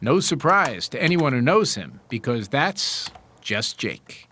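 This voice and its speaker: A man reporting a scripted television news story in a measured, lively reporter's delivery. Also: medium pitch. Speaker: news correspondent.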